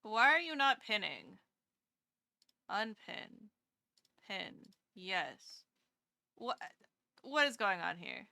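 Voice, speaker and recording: A woman's voice: medium pitch, sing-song, slow pace, vocal fry, long pauses, pushed and bright, no echo, studio quality. A woman VTuber streamer chatting casually with her viewers live, rambling and self-deprecating, gushing over kind messages.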